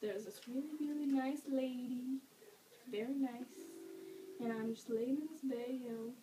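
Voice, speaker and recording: A woman's voice: high-pitched, steady tone, a little slow. A teenage girl telling a story casually, rambling with fillers and laughing often. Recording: distant mic with loud background noise.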